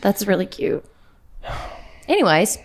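A woman's voice: medium pitch, very animated, measured pace. A young woman co-hosting a podcast, casual, dry and sarcastic, often laughing. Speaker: podcast co-host. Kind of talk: casual chat.

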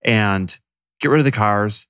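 A man's voice: on the low side, measured pace, fairly bright tone, clear, resonant tone, no echo, clean studio sound. A man co-hosting a podcast, recounting past events in a candid, self-deprecating way. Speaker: podcast co-host. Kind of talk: casual conversation.

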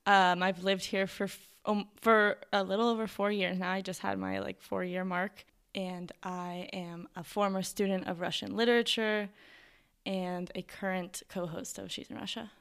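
A woman chatting as a podcast guest over a remote call. She giggles, rambles and hesitates as she talks, at an ordinary middle pitch. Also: level tone, moderate pace, gravelly, a bit bright, clean tone. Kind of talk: casual podcast chat.

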